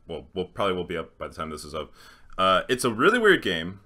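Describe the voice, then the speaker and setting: A young man co-hosting a podcast in casual chat, animated and swearing, with frequent restarts. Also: low-pitched, fast. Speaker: podcast co-host.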